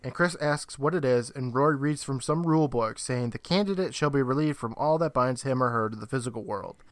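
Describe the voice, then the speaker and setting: A man co-hosting a podcast, casually retelling a show's plot with quick asides and laughs. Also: medium pitch, dry recording. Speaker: podcast co-host. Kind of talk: casual episode recap.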